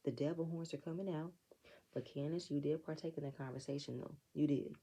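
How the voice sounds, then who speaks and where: Sassy low gravelly woman reviewer. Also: steady tone, brisk, mellow, low-quality recording. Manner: sassy, blunt, profane, addresses cast members directly. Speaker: reality show reviewer. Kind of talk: casual recap commentary.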